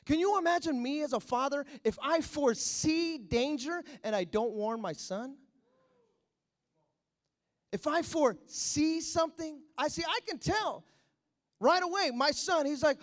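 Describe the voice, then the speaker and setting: A preacher with a notably high, lively voice delivers a sermon. He swings from near whispers to bursts of shouting, acting out little dialogues as he goes. He sounds middle-aged. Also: moderate pace. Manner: preaching with sudden shouts and acted-out quotes. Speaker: pastor.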